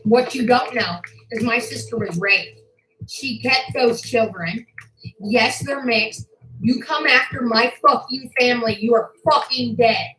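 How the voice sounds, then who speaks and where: A woman's voice: on the high side, a little slow, a bit bright, echoey room, a little hiss or hum, rough recording. A woman ranting furiously to her channel, swearing and making threats, near tears with anger. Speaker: YouTuber. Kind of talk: angry rant to camera.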